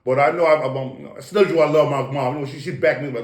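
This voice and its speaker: A man's voice: mid-range voice, very fast, few pauses, echoey room. A middle-aged man telling boastful, profane stories in a casual interview. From Samoan American. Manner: profane, boastful, animated storytelling. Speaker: interview guest.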